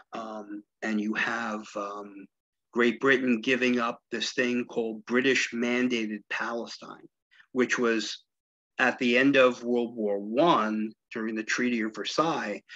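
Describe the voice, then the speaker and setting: A man's voice: mid-range voice, a bit bright. A man lectures on history in a loose, talkative way, tossing "right?" and "you see?" back to his listeners. His voice sits in a middle register. The recording is a little dull and lo-fi, as if taped in a library meeting room. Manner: chatty, peppered with "right?" and "you see?" asides.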